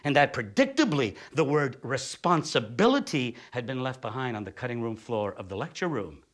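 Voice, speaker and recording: A man's voice: mid-range voice, big pitch swings, moderate pace. A man from Canada delivering a performed spoken essay as a theatre artist, sardonic, blunt and profane.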